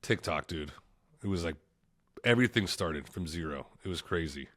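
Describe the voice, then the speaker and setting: A man's voice: low-pitched, expressive, moderate pace, a bit bright. A man, a travel creator telling stories as a guest in a casual podcast interview, laid-back, laughing often and calling people dude.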